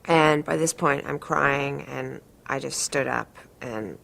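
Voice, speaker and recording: A woman's voice: extremely low pitch, takes it slowly, vocal fry. A woman speaking to camera, animatedly retelling a personal story and speeding up as it heats up. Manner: animated, speeds up and rises sharply when retelling conflict. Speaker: interviewee.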